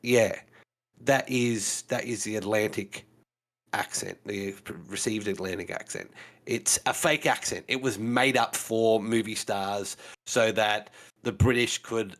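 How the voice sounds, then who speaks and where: Podcast co-host guy, lowish voice, explains stuff loosely with lots of you knows and ums. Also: steady tone, measured pace, a bit bright. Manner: chatty, explaining, full of fillers like "you know". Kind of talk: casual podcast chat.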